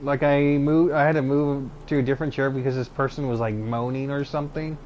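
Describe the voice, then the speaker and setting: A man's voice: medium pitch, fairly even intonation, brisk, a little mellow, dull audio, slight background noise. A young man telling his own stories casually, rambling and hesitant, with lots of fillers and restarts. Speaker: channel host recounting personal stories. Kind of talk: casual storytelling.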